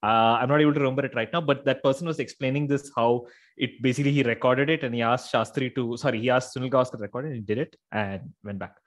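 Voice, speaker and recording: A man co-hosting a podcast, speaking haltingly as he searches for his words. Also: medium pitch, fairly even intonation. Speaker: podcast co-host. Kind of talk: casual chat.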